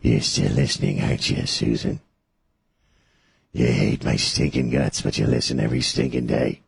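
A man putting on a creepy low taunting voice. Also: steady tone, gravelly, slightly rough, dry recording, heavily acted. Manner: slow, mocking, drawn-out delivery. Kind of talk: talk radio.

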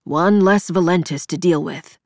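A woman voicing a steady, protective man in an audiobook, speaking softly, carefully and firmly. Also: on the low side, moderate pace, no echo, studio quality, close to an everyday voice. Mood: calm. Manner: soft, careful, soothing. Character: steady, protective man, soothing but firm. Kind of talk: audiobook character voice.

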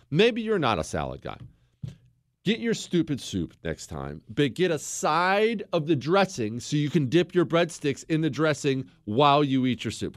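A man's voice: medium pitch, very animated, moderate pace, no echo, clean studio sound. A man hosting a political commentary show, talking in a sarcastic, teasing, exasperated way. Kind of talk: sarcastic monologue.

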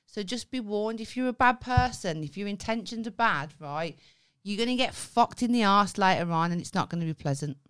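A woman's voice: mid-range voice, expressive, a little fast, fairly bright tone, clear, resonant tone. A young woman on a casual podcast, telling a story in a chatty way, swearing freely and often asking "right?". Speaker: podcast co-host. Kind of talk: casual chat.

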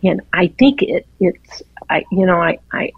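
Female radio guest, slow earnest devotional talk, gravelly and husky, dry studio sound. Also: fairly low pitch, animated, dry recording, phone-quality sound. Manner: earnest, slow, with repeated words and restarts. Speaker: guest speaker.

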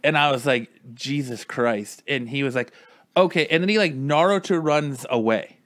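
A man's voice: fairly high pitch, lively intonation, fairly quick, a bit bright, no echo, clean studio sound. A man in casual chat with friends, telling a long story in a rambling way, full of "like" and acted-out quotes.

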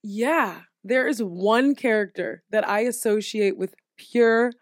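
A young woman hosting a casual studio chat, animated and swearing freely between laughs. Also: on the high side, slow pace, dry recording. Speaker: podcast host.

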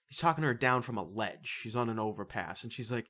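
Medium-pitched and brisk, this man co-hosts a relaxed podcast where he tells the plot of a movie with animation and laughs a lot.

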